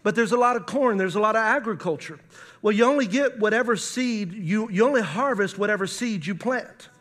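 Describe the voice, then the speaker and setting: A man's voice: high-pitched, a little fast, fairly bright tone. A man, a pastor, preaching a sermon with emphatic rises and reading scripture aloud.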